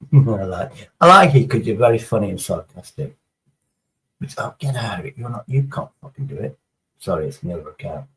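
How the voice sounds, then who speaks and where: A man's voice: fairly low pitch, big pitch swings, normal speed, rough recording. Rambling, foul-mouthed man streaming. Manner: rambling, heavy swearing, chatty storytelling. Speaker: live streamer. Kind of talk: casual live-stream chat.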